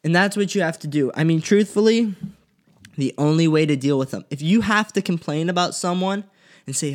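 A man's voice: fairly high pitch, moderate pace. A young man hosting a casual solo podcast, talking bluntly and swearing freely as he rants. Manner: profane, blunt and heated. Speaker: podcast host. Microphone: studio podcast mic.

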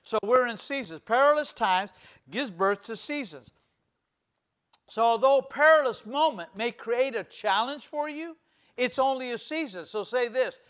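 A middle-aged male pastor delivers a fervent sermon in a high, ringing voice. He leans into the scripture, voicing its people with conviction. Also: animated, measured pace, fairly bright tone.

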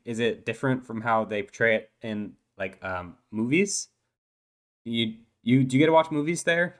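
A man's voice: mid-range voice, a bit bright, close to an everyday voice. A man voicing an eight-year-old uplifted dolphin boy in a tabletop role-play, talking hesitantly with lots of stammers and restarts. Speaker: player.

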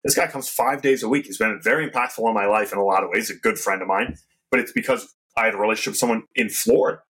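A man's voice: lowish voice, fairly bright tone, breathy edge, rough recording. A man hosting a podcast, a casual chatty talker who leans on "like" a lot. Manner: quick, chatty, lots of "like".

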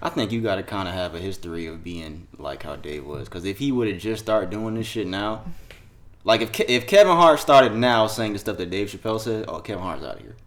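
Very deep-voiced man hosting casual chat. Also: expressive, brisk, a bit bright. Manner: loose, profane, laughing banter. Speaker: podcast host.

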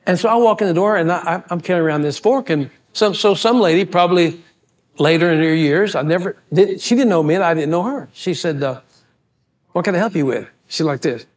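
A man preaching a sermon as pastor, telling folksy, animated stories and acting out the voices of people in them. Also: fairly high pitch. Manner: folksy, animated storyteller who acts out quoted voices. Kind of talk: storytelling sermon.

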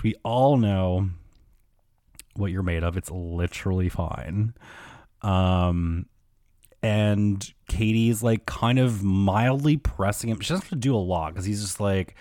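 Male podcast host, chatty and gossipy with a profane, filler-heavy flow. Fairly low voice, dead-dry studio sound. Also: slow, pauses often, warm tone, no echo. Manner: chatty, gossipy, profane, lots of "like", mimics people in quotes. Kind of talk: casual solo podcast recap.

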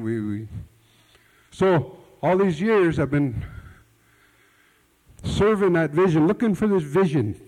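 Folksy pastor with hall reverb. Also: male voice, fairly high pitch, darkish tone. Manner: folksy, conversational telling with repeated words and nonstandard grammar. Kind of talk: sermon storytelling. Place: church hall.

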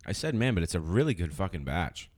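A man's voice: deep voice, very animated, fast, a little mellow, dry recording. A man co-hosting a podcast, swearing, laughing and telling stories in casual chat. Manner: profane, laughing, storytelling banter. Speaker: podcast co-host.

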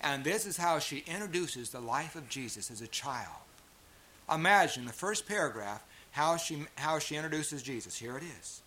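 A man preaches to a gathered congregation in a bright, forceful voice pitched a little high. He drives his points home with emphasis and keeps turning to the listeners with rhetorical questions. A faint hiss sits under the recording. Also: animated, normal speed. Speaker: pastor. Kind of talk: sermon. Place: church meeting.

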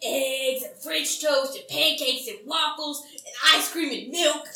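A woman playing a tabletop game, excitable and quick to blurt things out. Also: high voice, creaky, roomy sound, distant mic. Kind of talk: casual tabletop role-play.

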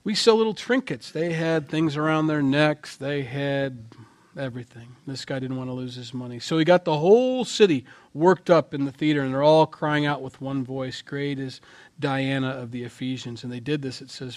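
A male pastor preaching a sermon in an animated way, swinging between loud lines and quiet asides. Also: mid-range voice, normal speed.

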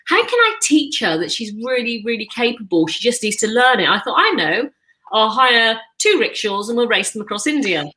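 A middle-aged woman, a mother of three, telling a story as a guest in a casual chat with quick enthusiasm. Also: fairly high pitch, bright, forceful tone, rough recording.

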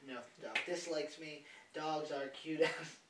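A young man chats casually as a podcast host, telling stories with lively energy and frequent swearing. His voice sits slightly high and comes from a little way off the mic, in an echoing room. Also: normal speed, very noisy. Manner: animated storytelling, swears freely. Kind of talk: casual chat. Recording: roomy, distant mic.

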